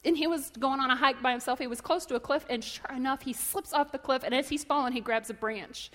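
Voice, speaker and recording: High-voiced woman preaching in a reverberant hall. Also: fast talker. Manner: animated storytelling, acts out voices and shouts. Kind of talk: sermon. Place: church hall.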